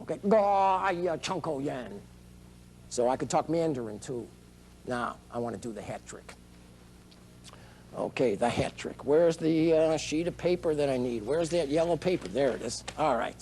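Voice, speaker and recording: A man's voice: medium pitch, moderate pace, dark tone, slight background noise. A man running for president who talks in a rambling, digressive way, jumping between schemes and showman bits. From United States. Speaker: presidential candidate. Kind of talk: rambling campaign speech.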